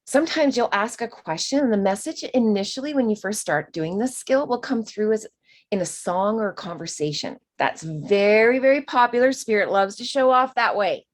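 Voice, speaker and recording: A woman teaching a spiritual course in a chatty, expressive way, acting out quoted voices and sometimes dropping to a whisper. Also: a little high, normal speed.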